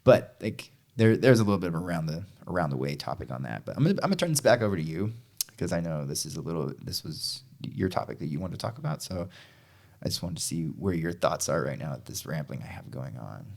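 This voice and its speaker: Young male co-host, somewhat low voice, energetic casual storyteller. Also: quick pace, vocal fry. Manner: animated storyteller, swears, does voices of others. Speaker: podcast co-host and coach. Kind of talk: casual chat.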